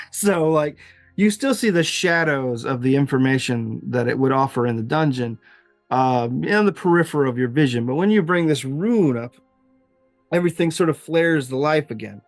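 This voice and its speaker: A man's voice: mid-range voice, expressive, normal speed, dry recording, faint music behind. A man narrating as game master of a tabletop game, rambling with fillers and frequent laughs.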